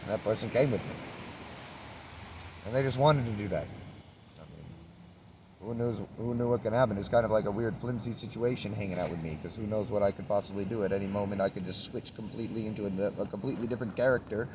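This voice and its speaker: A man's voice: on the low side, fast talker, noisy background. A man rambling in a laid-back spiritual monologue while traveling, swearing now and then. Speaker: traveling vlogger. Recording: outdoor street recording from a distance.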